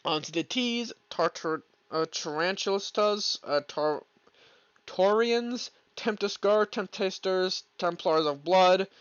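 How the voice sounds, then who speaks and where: A young man hosts a solo stream from his room, cursing freely as he rambles. His voice sits high, and the recording is dull and lo-fi. The sound is dry, with no room echo. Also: clear, resonant tone. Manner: profane, rambling, bursts into exasperated yelling. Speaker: podcast host. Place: home room, alone. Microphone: streaming mic, leaning back from it.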